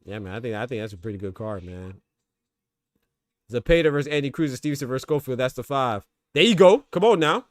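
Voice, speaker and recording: A man's voice: medium pitch, expressive, fast, dry recording. A man hosting a boxing podcast, giving loose, slangy live fight commentary and talking to his chat.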